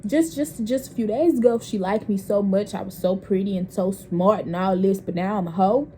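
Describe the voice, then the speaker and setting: A woman's voice: mid-range voice, normal speed, slight background noise. Candid young woman telling a story. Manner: candid, profane, animated storytelling. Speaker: vlogger. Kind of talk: casual storytime vlog.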